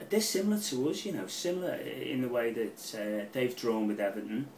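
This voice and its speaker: Scouse fan-channel pundit, middle-aged, excitable and sweary, a bit distant with faint background hum. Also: male voice, mid-range voice, moderate pace. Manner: rambling, excitable, swears freely. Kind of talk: casual match preview. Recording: roomy, off-mic with faint ambience.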